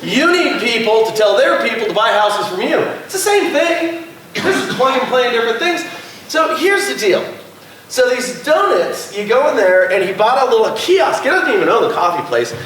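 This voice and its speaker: A man's voice: extremely high pitch, sing-song, a little fast, a bit bright. A man from California, a guest speaker at a class, telling chatty anecdotes to the room, acting out quotes and laughing often. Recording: echoey room, voice far from the mic, faint background noise.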